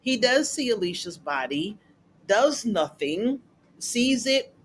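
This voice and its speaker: A TV recap reviewer who chats casually through an episode. They talk in a loose, colloquial way and jump up in pitch when acting out the characters' lines. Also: very animated, slow pace, a little hiss or hum. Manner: chatty, colloquial, acts out characters' lines in a raised voice.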